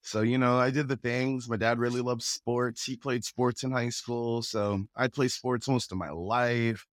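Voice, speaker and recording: A man from the Pacific Northwest, a guest telling stories in a relaxed, casual way, often chuckling. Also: medium pitch, unhurried, no room sound, studio quality. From Pacific Northwest, USA. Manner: relaxed, chuckles often, acts out quoted voices. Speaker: guest, rapper and actor. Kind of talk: casual conversational storytelling.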